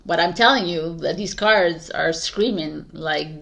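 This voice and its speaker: A woman's voice: fairly low pitch, a little slow, gravelly, hardly any pauses, fairly bright tone. A woman doing a tarot reading for viewers, speaking casually with many restarts and bursts of emphatic advice. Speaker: tarot reader.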